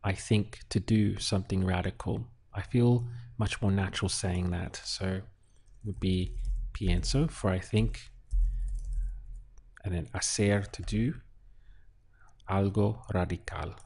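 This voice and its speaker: A man walks through a translation in an unhurried, methodical way, pausing to think aloud. His voice sits low and a little husky. Soft keyboard clicks and typing can be heard behind him. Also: fairly even intonation. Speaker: Spanish teacher. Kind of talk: unhurried lesson walkthrough while writing.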